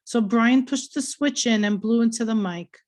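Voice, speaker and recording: A woman reading a novel aloud in a steady, earnest storytelling voice. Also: fairly high pitch, normal speed. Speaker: reader.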